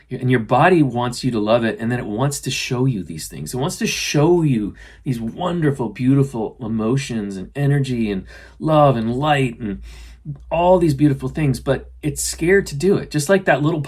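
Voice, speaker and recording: A middle-aged man, host of a spiritual podcast, talking earnestly and gently about self-love, often voicing his own inner dialogue. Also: medium pitch, slightly rough. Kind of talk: casual spiritual self-help talk.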